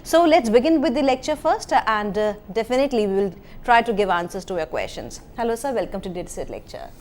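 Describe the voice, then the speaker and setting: A woman's voice: on the high side, expressive, quick pace, darkish tone, slight background noise. A woman hosting a live lecture show, speaking formally, introducing the guest and often addressing viewers as dear friends. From India. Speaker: host.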